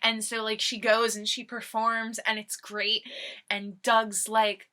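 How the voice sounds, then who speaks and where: A woman's voice: on the high side, flat delivery, slow, pushed and bright. A young woman improvising a comic story as a video host, rambling and giggly as she ad-libs.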